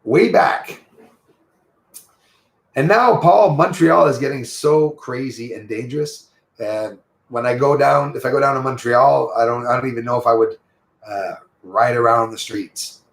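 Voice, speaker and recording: A man's voice: mid-range voice, unhurried, echoey room. A man from Quebec with a Quebec French accent, hosting a casual livestream, greeting viewers and rambling in a friendly way. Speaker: livestream host.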